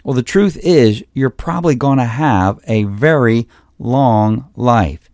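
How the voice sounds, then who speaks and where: A man's voice: medium pitch, takes it slowly, a little mellow, dry recording, studio quality. Earnest male podcast host. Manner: earnest, teaching, lists points one by one. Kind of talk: solo health podcast talk.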